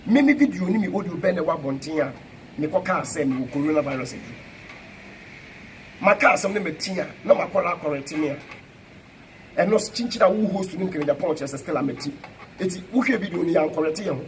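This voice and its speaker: A man's voice: on the high side, expressive, a little fast, noisy background. A middle-aged Ghanaian man with a fiery, emphatic and repetitive way of talking, giving a confrontational reply to a critic. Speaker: preacher answering a critic. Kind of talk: fiery spoken reply mixing Twi and English.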